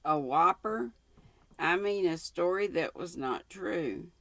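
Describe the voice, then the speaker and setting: A woman reading the part of a gentle young woman scolding a child softly. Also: fairly low pitch, expressive, slow pace, vocal fry, no room sound, exaggerated voice. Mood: sorrowful. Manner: soft, earnest storybook reading.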